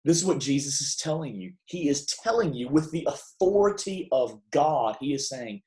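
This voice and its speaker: A man's voice: fairly high pitch, big pitch swings, normal speed, few pauses, mellow, low-quality recording. A young man giving a devotional sermon in a casual, emphatic way, with many restarts. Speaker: preacher.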